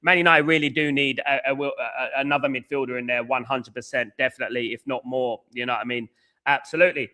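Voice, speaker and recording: A man hosting a casual live stream chat, excitable, repeating phrases and reading out comments. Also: mid-range voice, fast talker.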